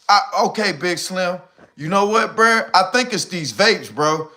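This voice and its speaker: Middle-aged guy rambling on his live stream, out of breath, bright forceful voice, kinda high. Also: lively intonation, measured pace. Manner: slangy, rambling, breathless talk. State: short of breath. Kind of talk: casual live stream chat reading comments.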